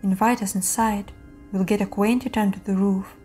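A woman's voice: medium pitch, steady tone, moderate pace, dark tone, soft background music, lightly acted. A woman voicing a coaxing unseen creature. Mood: sinister coaxing. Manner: affectionate and coaxing.

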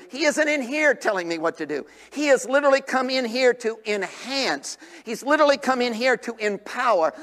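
An older man preaching a revival sermon in a church, animated, swinging from shouts down to near whispers. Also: very high voice, in a large hall. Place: church sanctuary.

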